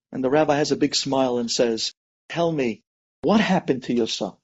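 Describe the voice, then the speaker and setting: A rabbi tells an inspirational story dramatically at a moderate pace, voicing each person's pleas with big swings in pitch and loudness. His voice has a breathy edge, and the audio is lo-fi.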